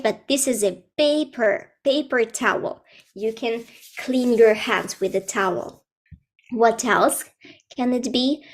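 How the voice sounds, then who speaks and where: A woman in her twenties teaching an online English lesson for children, explaining simple words in a playful way and laughing often. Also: a little high. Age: 20s.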